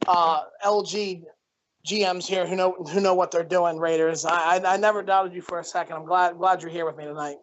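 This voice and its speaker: Male caster, high voice, upbeat, stumbly; dull lo-fi stream sound. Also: steady tone, brisk. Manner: upbeat, stumbles and repeats words. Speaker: league commentator and player. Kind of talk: casual play-by-play commentary.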